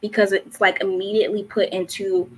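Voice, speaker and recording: A woman's voice: medium pitch, little pitch movement, fairly quick, darkish tone, husky. A woman in her twenties with a Baltimore accent, a spoken word poet with a rhythmic, emphatic delivery on a live-streamed show. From Baltimore, USA. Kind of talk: spoken word performance and casual chat. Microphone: streaming on a live online show.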